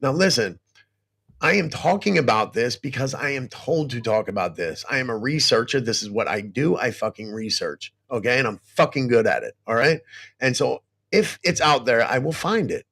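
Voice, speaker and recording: Agitated, cursing man with a gravelly, husky voice. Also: medium pitch, lively intonation, normal speed, fairly bright tone. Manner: agitated and profane, cursing constantly; boastful, then distressed and pleading. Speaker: guest on a livestream. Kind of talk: emotional casual chat.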